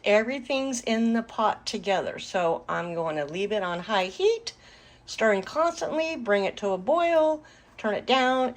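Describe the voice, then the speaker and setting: A woman's voice: a little high, poor audio. A middle-aged woman hosting a casual home cooking vlog, chatting through each step as she works. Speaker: home cooking and garden vlogger.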